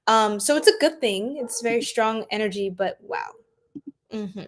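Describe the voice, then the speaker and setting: A woman's voice: fairly high pitch, animated, a little slow. Chatty, upbeat woman livestream host. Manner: chatty, upbeat, greets viewers by name, laughs often. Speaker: tarot reader livestream host. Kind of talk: casual livestream chat with viewers.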